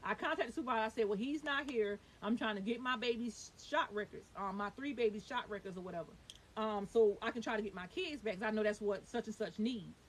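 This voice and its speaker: Young woman vlogging fast and fired up, a bit high voiced, faint hiss behind. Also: poor audio. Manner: fast, emphatic, swears when upset. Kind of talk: heated personal storytelling.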